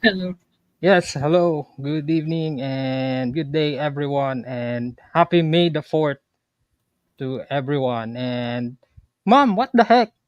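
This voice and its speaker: A man on a gaming show panel who speaks slowly through a costume mask on a video call. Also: mid-range voice, smooth, highs cut off. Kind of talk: casual livestream chat. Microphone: video call mic.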